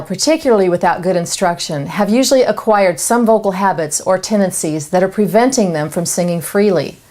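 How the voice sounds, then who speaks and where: A woman vocal coach, giving a singing lesson with clear, instructive explanations. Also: mid-range voice, a little mellow. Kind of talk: singing lesson with sung demonstrations.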